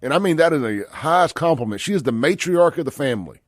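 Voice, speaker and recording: A man hosting a talk radio show, delivering a brash, sarcastic, animated monologue into a studio microphone. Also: a little high, fast, no echo.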